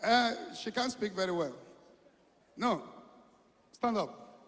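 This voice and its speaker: A man's voice: high voice, lively intonation, takes it slowly, fairly bright tone. A Nigerian man preaching as an evangelist, coaxing his congregation and repeating phrases as he calls people to stand. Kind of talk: sermon with congregation call-and-response. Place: large church hall. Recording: long reverb of a church hall.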